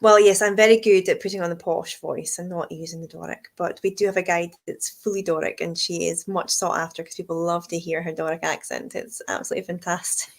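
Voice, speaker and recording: A woman's voice: lowish voice, steady tone, brisk, creaky, few pauses. A woman with an Aberdeenshire Scottish accent, co-hosting a casual live chat and laughing often as she talks. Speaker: co-host, whisky tour guide.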